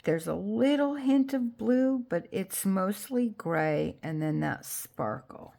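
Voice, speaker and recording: A woman hosting a crafting vlog, chatting excitedly to viewers about her projects and apologizing with a laugh when she bumps the camera. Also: medium pitch, slow, creaky. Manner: gushing, excitable, talks to viewers while handling crafts; self-deprecating, apologetic asides. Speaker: crafting channel host. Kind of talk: casual crafting vlog chat.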